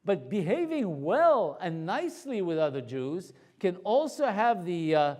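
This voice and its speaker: High-voiced rabbi telling a story. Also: male voice, a little slow. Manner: animated, conversational, drops voice for the story. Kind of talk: storytelling Torah lecture. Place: room with a live audience.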